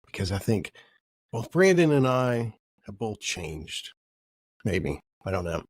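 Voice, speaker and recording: A man's voice: lowish voice, very animated, slow pace, no room sound. A middle-aged man hosting a podcast, telling a personal story in a rambling, jokey way and often correcting himself. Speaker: podcast host. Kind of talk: casual storytelling monologue.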